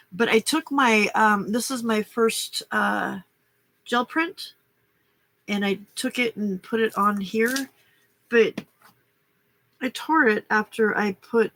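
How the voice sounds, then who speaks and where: A woman's voice: medium pitch, creaky, a bit bright. Chatty stuffy-nosed older woman host. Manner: chatty, rambling, greets viewers by name. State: stuffy nose. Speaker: craft livestream host. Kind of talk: casual chat while crafting.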